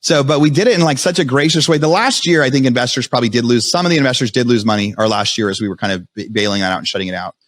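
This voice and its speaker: A man as a podcast guest, telling his story in a fast, animated way with many restarts. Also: medium pitch, dry recording. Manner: fast, animated retelling with frequent restarts and quoted self-talk.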